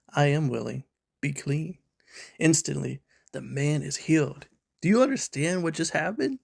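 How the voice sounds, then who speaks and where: Gravelly-voiced male preacher. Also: mid-range voice, a little mellow. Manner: emphatic, full of rhetorical questions to the listener. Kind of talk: sermon.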